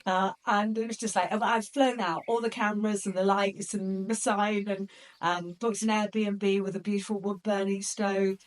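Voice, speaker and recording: Lady podcaster chatting away, excitable, lots of ums and uhs. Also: mid-range voice, moderate pace. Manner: chatty, excitable, many fillers. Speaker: podcast host. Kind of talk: casual storytelling to listeners.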